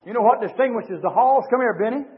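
A man preaching a fiery revival sermon in a church, swinging from shouted, rising lines to low, quiet asides. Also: fast talker. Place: church sanctuary with a congregation. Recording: dull lo-fi 1990s church recording with long reverb.

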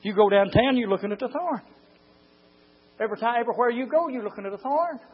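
A man preaching a fiery sermon, swinging from low, close talk to drawn-out shouted lines. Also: slightly rough, muffled recording. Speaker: pastor.

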